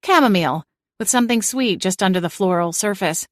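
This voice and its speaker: A woman giving an expressive first-person audiobook narration into a studio microphone. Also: medium pitch, fairly quick, dry recording.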